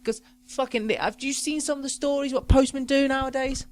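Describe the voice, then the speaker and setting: A man's voice: very high-pitched, steady tone, fairly quick, hardly any pauses. A man hosting a comedy podcast, ranting profanely about trivial things. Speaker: podcast host. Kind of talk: comedic rant.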